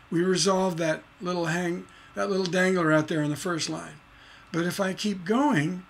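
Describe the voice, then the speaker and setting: A man's voice: sits high, steady tone, normal speed, vocal fry. A middle-aged man teaching songwriting on a livestream, explaining with many fillers and restarts and tapping out rhythms in nonsense syllables. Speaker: songwriting instructor.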